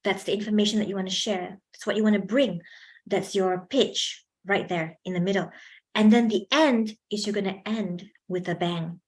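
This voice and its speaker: A woman giving an animated talk on public speaking at a workshop, laughing often and asking her audience questions, on a handheld microphone. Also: medium pitch, normal speed.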